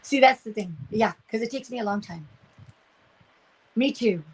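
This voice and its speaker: Older woman, fairly high voice, chatty craft livestream host, trails off mid-thought. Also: moderate pace, slightly rough, low-quality recording. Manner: chatty, reads viewer comments aloud, trails off searching for words. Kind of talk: casual chat while crafting on a livestream.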